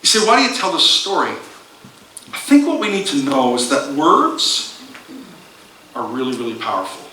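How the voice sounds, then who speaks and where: A man's voice: mid-range voice, very animated, moderate pace, long pauses, sharp tone, slight background noise. A male pastor telling a humorous personal story in a sermon, poking fun at himself, with many restarts. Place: church sanctuary. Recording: roomy church sound from a distance.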